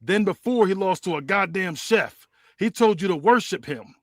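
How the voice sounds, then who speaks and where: A man's voice: high-pitched, expressive, normal speed, dry recording, pitched above the performer's own voice. A man doing a boastful wrestling god. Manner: boastful, third-person promo delivery. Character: arrogant male wrestler calling himself a god.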